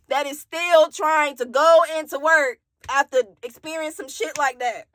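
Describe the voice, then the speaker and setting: Candid woman, higher voice. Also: moderate pace, a bit bright. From Alabama, US. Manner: candid and raw, swears, talks straight to viewers. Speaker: vlogger telling her story. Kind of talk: emotional personal storytime.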